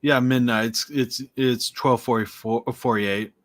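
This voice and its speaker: A man's voice: medium pitch, fairly even intonation, a little slow, dry recording, clean studio sound. A man calling into a live stream, asking brief curious questions in casual chat. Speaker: viewer calling in.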